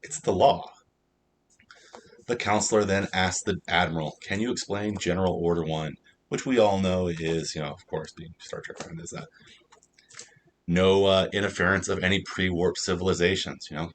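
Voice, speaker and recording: A man's voice: deep voice, slight background noise. A man casually recapping and reviewing a TV episode, in a loose, rambling way with plenty of fillers. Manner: loose, filler-heavy retelling. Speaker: TV show reviewer.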